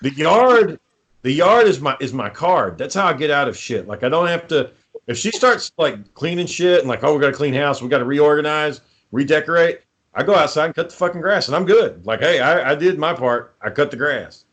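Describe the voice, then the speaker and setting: A man's voice: a little high, very animated, moderate pace, fairly bright tone, breathy edge. A man co-hosting a casual chat, swearing freely as he tells heated stories about home life. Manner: profane, heated storytelling.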